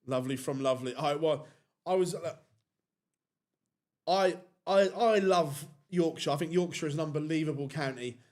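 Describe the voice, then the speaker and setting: A man's voice: on the high side, moderate pace, a little mellow. Chatty man commentating live darts. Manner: casual, chatty, reads viewer questions.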